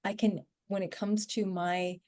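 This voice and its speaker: Woman guest on a podcast, warm mellow voice, rambles with lots of likes and ums. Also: mid-range voice, flat delivery, a little slow. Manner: rambling, frequent fillers and restarts. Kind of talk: casual conversational podcast chat.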